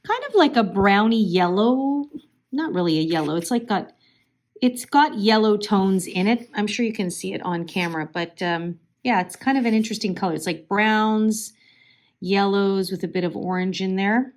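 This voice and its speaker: A woman's voice: mid-range voice, moderate pace. A woman teaching a step-by-step crochet tutorial, talking patiently and chattily and often checking in with the viewer. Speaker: crochet instructor.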